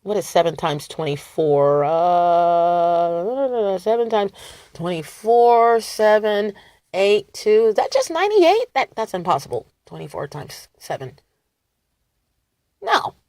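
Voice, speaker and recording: A woman vlogger rambling to her viewers, animated and defiant, laughing and swinging between loud and soft. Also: mid-range voice, slow pace, no echo, studio quality. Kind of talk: rambling talk to camera.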